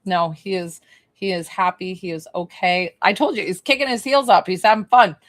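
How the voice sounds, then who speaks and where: A woman giving a psychic reading and healing on a live stream, talking in a soft, emotional, rambling and reassuring way. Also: fairly low pitch, moderate pace. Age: young adult or middle-aged, a mother. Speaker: psychic medium and energy healer, live stream host.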